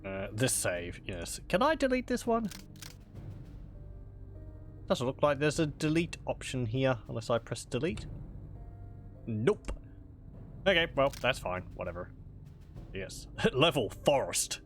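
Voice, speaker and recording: Chatty man with a lively voice over faint game music. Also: mid-range voice, measured pace, long pauses. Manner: chatty, rambling, self-correcting. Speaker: gaming video host. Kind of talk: casual let's-play commentary.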